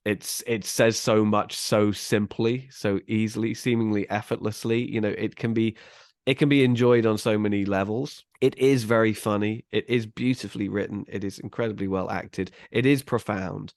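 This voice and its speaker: A man's voice: fairly low pitch, fairly even intonation, normal speed, a little mellow, no room sound, clean studio sound. A man co-hosting a movie review podcast, earnest and emphatic, stacking up praise. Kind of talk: casual movie review chat.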